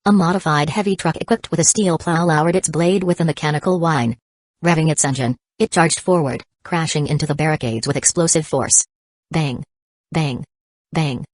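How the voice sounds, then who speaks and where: A woman reads an action novel aloud in a low, steady voice. The sound is dry and close, with no room around it. Her delivery stays even and measured. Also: dry recording. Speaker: audiobook narrator. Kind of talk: scripted audiobook narration.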